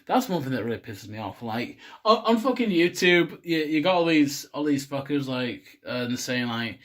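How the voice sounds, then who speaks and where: A man's voice: mid-range voice, animated, moderate pace, hardly any pauses, a bit bright. A young man rambling and swearing casually while hosting a home cocktail video. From England. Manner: swears a lot, rambling and self-mocking.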